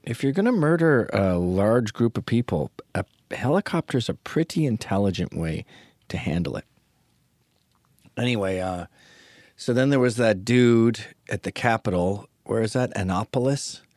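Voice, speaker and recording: A man's voice: on the low side, lively intonation, normal speed, darkish tone, dry recording, studio quality. A man hosting a podcast, talking alone in a sarcastic, crude, rambling way. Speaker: podcast host. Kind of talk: casual podcast monologue.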